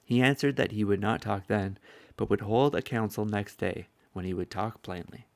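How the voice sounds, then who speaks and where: A man narrating a historical first-person account in a measured, solemn way, with a gravelly voice. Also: on the low side, no room sound. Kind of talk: solemn reading of a historical speech.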